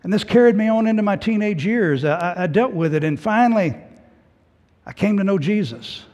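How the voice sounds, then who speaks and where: A middle-aged male pastor giving an emotional personal testimony in a sermon, swinging between loud and hushed. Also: sits high, expressive, fairly quick. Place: church sanctuary. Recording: long hall reverb.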